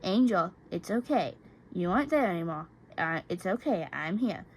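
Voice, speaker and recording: A woman reading as a gentle teenage boy. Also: medium pitch, measured pace, slight background noise, natural voice. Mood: soothing. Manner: soft, soothing, pleading. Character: gentle teenage boy comforting his boyfriend.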